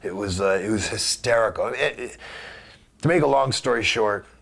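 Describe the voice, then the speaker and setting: A man being interviewed, telling a story in a casual, animated way and acting out the voices of the people in it. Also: on the low side, moderate pace, creaky, breathy edge. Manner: animated anecdote teller who acts out quoted voices. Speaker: guest wrestler.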